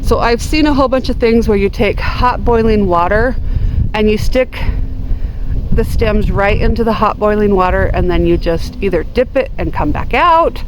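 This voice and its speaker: A woman's voice: mid-range voice, normal speed, noisy background. Chatty woman cutting flowers in her garden. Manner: chatty, gushing over flowers, talks to viewers while cutting. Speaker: gardening vlogger. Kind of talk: casual garden vlog talk. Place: outdoor home garden. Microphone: camera on a tripod.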